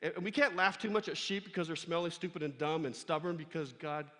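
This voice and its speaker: A man preaching a lively sermon to students, telling a story and acting out its voices. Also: fairly high pitch, fast, big-room sound. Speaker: pastor. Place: church hall.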